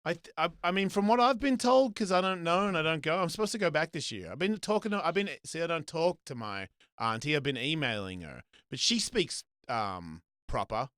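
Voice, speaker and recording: A man's voice: fairly high pitch, big pitch swings, fairly quick, hardly any pauses, a bit bright, no echo, studio quality. A middle-aged Australian man hosting a casual chat, swearing freely and rambling through restarts. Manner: rambling, profane, lots of restarts. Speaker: host.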